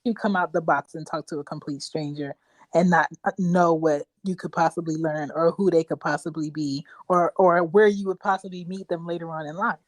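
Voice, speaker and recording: A woman's voice: low voice, fairly even intonation, normal speed, no echo. A woman hosting a casual podcast chat, talking emphatically and telling stories. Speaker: podcast host.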